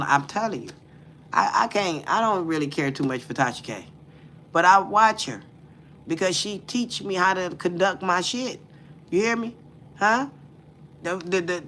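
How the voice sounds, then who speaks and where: Man, livestream commentary, talkative, slightly high voice, bright tone. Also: a little hiss or hum. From Detroit. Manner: talkative, keeps asking "you hear me?". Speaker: content creator.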